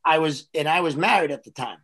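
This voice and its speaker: A comedian, telling stories in casual chat with frequent restarts. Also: male voice, fairly high pitch, quick pace. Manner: rambling, animated storyteller with restarts. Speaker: comedian host.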